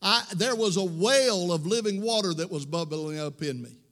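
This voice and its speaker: A man's voice: high-pitched, lively intonation, normal speed, a bit bright, long reverb tail. A man preaching a sermon, telling folksy stories and building to fervent exhortation. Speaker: pastor. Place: church sanctuary.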